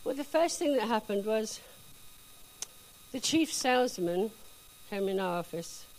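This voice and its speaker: A woman telling a personal faith testimony in a chatty, animated storytelling way. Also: mid-range voice, measured pace, rough recording. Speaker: speaker giving a testimony.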